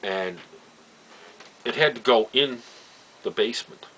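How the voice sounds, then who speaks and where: At a measured pace, an older Nova Scotian storyteller casually recalls family stories in a medium-pitched, slightly bright voice, laughing often, chuckling in asides, and trailing off into repeated phrases. The recording is rough, with slight background noise.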